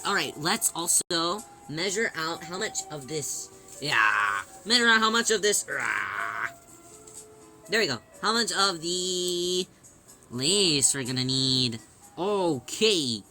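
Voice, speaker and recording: A woman hosting a casual livestream, chatting and answering viewers' questions in a lively way with many restarts. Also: fairly low pitch, takes it slowly, faint music behind. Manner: animated, reads and answers chat, many restarts. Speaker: livestream host.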